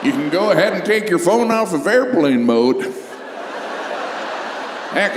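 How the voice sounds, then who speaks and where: A man voicing a breezy, cheerful male airline pilot making intercom announcements. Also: on the high side. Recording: echoey hall, noisy live room.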